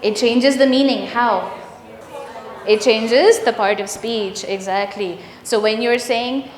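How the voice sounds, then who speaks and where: A woman with a slightly high, unhurried voice leads an interactive teacher training workshop, putting questions to the room and confirming the answers. The recording is echoey, with long reverb.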